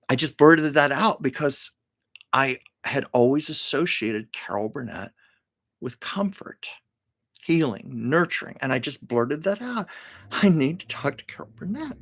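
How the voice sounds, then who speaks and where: A man's voice: medium pitch, a bit bright, no room sound, studio quality. An older man telling personal stories on his live stream in an earnest, emotional way, often restarting his sentences. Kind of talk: casual storytelling on a live stream.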